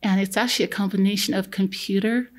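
A woman in her forties, a nurse and podcast guest, telling her life story in an earnest, easygoing way with relaxed fillers. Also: medium pitch, quick pace. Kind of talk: conversational personal storytelling.

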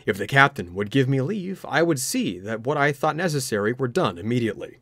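Man, spooky story narration, animated rising and falling delivery, dry close mic. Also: medium pitch, brisk, no room sound. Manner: expressive, dramatic reading. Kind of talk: scripted ghost story narration.

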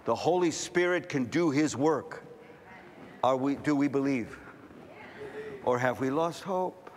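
A middle-aged man preaching a sermon, telling stories and building to fervent shouting. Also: medium pitch, slow, pauses often, slight background noise. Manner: storytelling, rising to fervent shouting.

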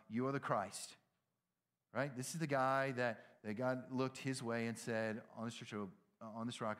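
This middle-aged pastor has a Southern American accent and preaches his sermon in a casual, storytelling style. He acts out dialogue, swinging from loud and high to hushed and low.

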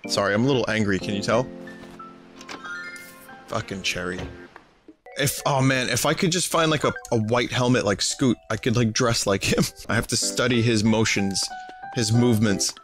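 A man doing let's-play commentary, sarcastic and rambling with plenty of swearing. His voice sits at an ordinary middle pitch, with cheerful game music clearly running underneath. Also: brisk, fairly bright tone. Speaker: streamer.

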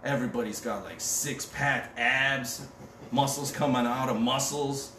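A man's voice: medium pitch, moderate pace, fairly bright tone. A man preaching a conversational sermon as pastor, joking casually and reading scripture aloud. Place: church. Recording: roomy and distant with background noise.

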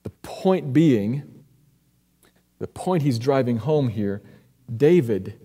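A man preaching an expository sermon as pastor, earnest, moving between hushed, quiet stretches and emphatic rises. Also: medium pitch, lively intonation, slow pace, long pauses, husky. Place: church sanctuary. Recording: echoey church hall.

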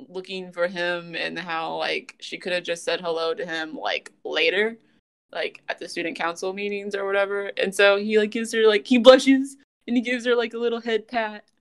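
A woman hosting a casual podcast, retelling scenes in an animated way and laughing often. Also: mid-range voice, normal speed. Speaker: podcast host. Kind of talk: casual chat, recapping an anime.

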